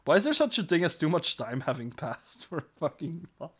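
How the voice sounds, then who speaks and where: A man's voice: a little high, sing-song, a little fast, fairly bright tone, husky. A man co-hosting a crude comedy podcast, reading news articles aloud and breaking off into profane, sarcastic asides.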